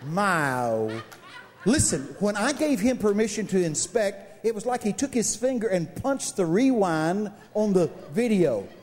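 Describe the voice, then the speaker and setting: Animated, joking preacher man in a reverberant hall. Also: measured pace. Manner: animated, joking, swings between high shouts and low asides. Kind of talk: humorous sermon.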